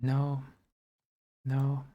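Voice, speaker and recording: A man's voice: medium pitch, monotone, extremely slow, mellow, no room sound. A man with a German accent and a German first language, chatting casually while he plays a game, rambling and thinking aloud with many fillers and restarts. He mentions having allergies. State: has allergies. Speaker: gaming vlogger.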